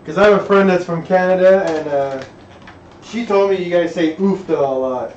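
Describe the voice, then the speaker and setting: A man live streams from his home garage workshop while working on an engine, reading chat aloud and rambling with trailing thoughts and restarts. His voice is high and a little mellow at a moderate pace. The garage is echoey, he's far from a dull mic, and there's slight background noise.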